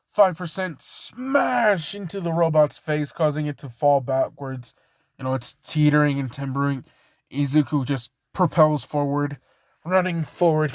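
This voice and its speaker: A man casually improvising a fan story, rambling, filling pauses with fillers and swearing now and then. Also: a little high, darkish tone, no room sound, studio quality.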